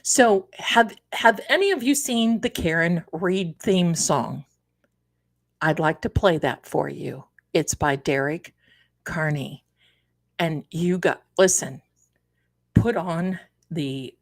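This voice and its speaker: A woman hosting a live tarot stream, chatting casually and exclamatorily while fumbling with her setup. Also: lowish voice.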